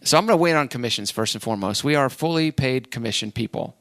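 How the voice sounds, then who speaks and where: A man's voice: medium pitch, expressive, quick pace, fairly bright tone, no room sound. A man from Cleveland, Ohio, hosting a casual podcast as a real estate agent, rambling and self-deprecating. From Cleveland, Ohio, USA.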